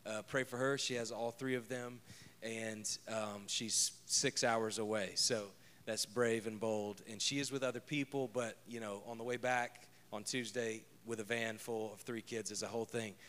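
A man's voice: on the low side, fairly even intonation, moderate pace, fairly bright tone. A man preaching a conversational sermon as pastor, joking and telling stories from home. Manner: chatty and joking, tells personal stories.

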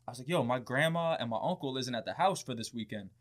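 Animated young man telling a story. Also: medium pitch, fast talker. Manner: animated, profane, laughing storyteller. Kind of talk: casual storytelling chat.

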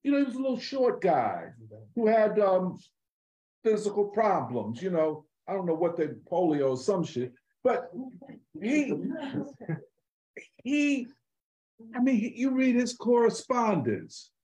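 A man talking politics in an animated, emphatic way, full of street slang and swearing. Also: high-pitched, measured pace, reverberant, rough recording. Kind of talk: political conversation.

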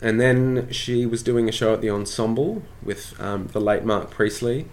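An actor from Tasmania with an Australian accent, chatting through anecdotes in a casual, self-deprecating way during an interview. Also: male voice, mid-range voice, normal speed, a little mellow.

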